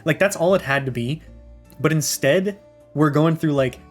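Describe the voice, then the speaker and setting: A man's voice: on the high side, normal speed, faint music behind. A young man co-hosting a podcast, giving an opinionated, critical take in casual rambling speech. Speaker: podcast co-host. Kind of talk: casual chat.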